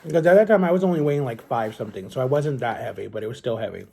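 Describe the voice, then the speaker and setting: Husky, very dark-voiced man rambling. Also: medium pitch, animated, rapid-fire. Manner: rambling, chatty, often addresses viewers as guys. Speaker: vlogger. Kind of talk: casual storytelling to viewers.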